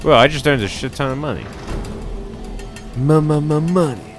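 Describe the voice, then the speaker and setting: A man casually commentating a game as he plays, reacting out loud and chatting to his viewers. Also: medium pitch, expressive, rapid-fire, soft background music. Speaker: game streamer. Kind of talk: casual let's-play commentary.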